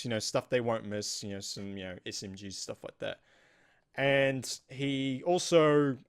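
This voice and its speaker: A man's voice: medium pitch, smooth. A man with a New Zealand accent casually recapping a TV episode, rambling and acting out the characters' lines. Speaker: host.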